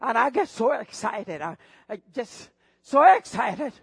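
A middle-aged man from Africa with an African accent, preaching a sermon as pastor, excitable and bursting into shouts, often repeating phrases. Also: very high voice, measured pace, creaky, slightly rough, no room sound, studio quality.

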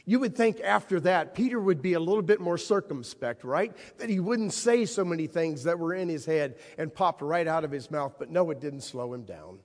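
A man's voice: a little high, animated, moderate pace, few pauses, a little mellow. A man preaching a sermon, telling stories dramatically and acting out the people he quotes. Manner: dramatic storytelling, voicing the figures he quotes. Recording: long reverb of a large hall.

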